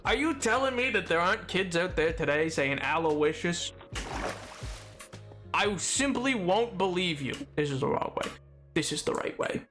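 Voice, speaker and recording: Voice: mid-range voice, lively intonation, moderate pace, fairly bright tone, soft background music. A streamer chatting casually while gaming, playful and rambling, joking with old-timey slang and fancy words. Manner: laughs often, rambles.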